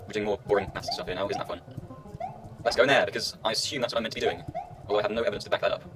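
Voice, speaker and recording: Man, low voice, rambling gameplay commentary, wry and self-mocking, quick delivery, game music behind. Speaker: let's play gamer.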